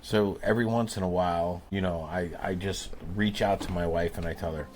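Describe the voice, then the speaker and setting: Low-voiced earnest man telling stories. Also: fairly even intonation, brisk, a little hiss or hum. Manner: earnest, emphatic storytelling. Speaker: podcast co-host. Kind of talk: candid conversation.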